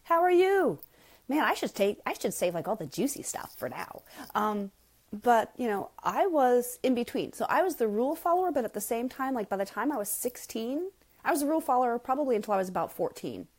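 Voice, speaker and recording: Blunt, animated middle-aged woman host. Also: fairly quick. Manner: blunt, emphatic and frank; animated, with sudden jumps up in pitch. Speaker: parenting coach host. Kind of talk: live Q&A chat reading viewer comments.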